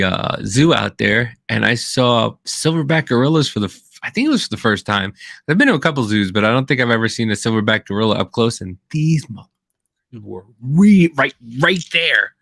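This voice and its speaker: A man's voice: fairly low pitch, vocal fry, a bit bright, no room sound, clean studio sound. A man co-hosting a podcast, telling rambling stories in casual chat, full of restarts and fillers. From Kansas. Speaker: podcast co-host.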